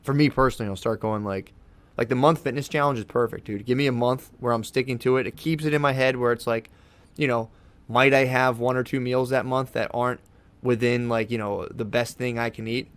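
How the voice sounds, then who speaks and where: On a podcast studio microphone, a male guest talks briskly in a mid-range voice with fairly even intonation and a clean tone. His chat is casual and rambling, relaxed, peppered with swearing and "dude" directed at the host.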